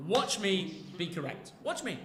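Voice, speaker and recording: A man hosting a live football watchalong stream, bantering and teasing with loud outbursts. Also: sits high, sing-song, measured pace. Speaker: stream host. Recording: echoey room with crowd noise. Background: football match crowd on the telly.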